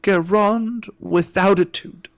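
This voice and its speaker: A man putting on a pompous alien captain who declaims poetry slowly and grandly on a game stream. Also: high-pitched, steady tone, vocal fry, no echo, studio quality, pitched above the performer's own voice, heavily acted.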